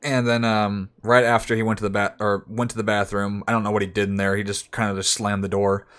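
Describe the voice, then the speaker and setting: A man's voice: on the low side, flat delivery, fast, fairly bright tone, clear, resonant tone. A young man streaming, telling a story in casual, rambling talk full of restarts, sometimes acting out other people in raised voices.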